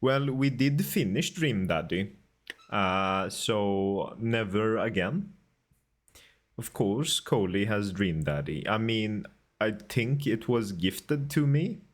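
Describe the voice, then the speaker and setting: A man streaming casual chat while making game art, reading viewer messages and putting on a deliberately terrible Swedish accent. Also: low-pitched, no room sound. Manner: chatty, reads out and answers viewer messages.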